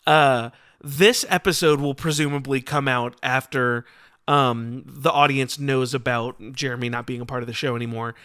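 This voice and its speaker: A man's voice: medium pitch, steady tone, moderate pace, a bit bright, smooth. A man co-hosting a podcast, talking casually and earnestly. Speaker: podcast co-host. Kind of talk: casual chat.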